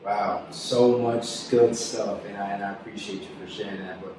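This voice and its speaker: A man's voice: on the low side, steady tone, moderate pace. A man hosting a casual interview, encouraging and affirming his guest. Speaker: podcast host. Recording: echoey room, distant mic, background noise.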